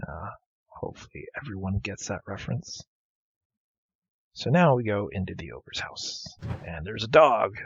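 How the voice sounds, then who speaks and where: A low-voiced man with a gravelly, husky tone talks through an old adventure game. He makes puns, laughs at his own mistakes, and lets his pitch swing widely as he goes. The recording is dull and lo-fi, with faint game music behind him. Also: no room sound. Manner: chatty, punning, self-deprecating. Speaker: let's play host. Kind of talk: game commentary.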